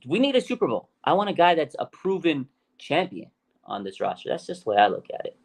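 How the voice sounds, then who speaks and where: A man hosting a casual sports podcast, talking in an animated, slangy way with many fillers and restarts. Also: fairly high pitch, fairly quick. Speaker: podcast host.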